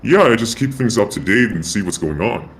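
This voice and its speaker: A man's voice run through a voice changer, pushed very deep. He rambles casually over an online voice chat and circles back to repeat himself. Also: lively intonation, fairly quick, faint music behind. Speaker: caller in a live voice chat. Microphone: online voice chat mic.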